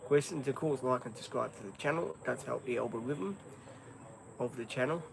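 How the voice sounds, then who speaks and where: A man's voice: mid-range voice, brisk, vocal fry, background noise. An Australian man hosting a live stream, chatting in an easygoing, rambling way with many ums. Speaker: livestream host. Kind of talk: casual live stream chat.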